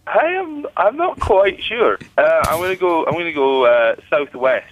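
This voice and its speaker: A musician calling in by phone to a radio show, talking in a jokey, self-mocking way. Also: male voice, fairly high pitch, very animated, moderate pace, a crowd in the background. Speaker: musician guest. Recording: dull phone line.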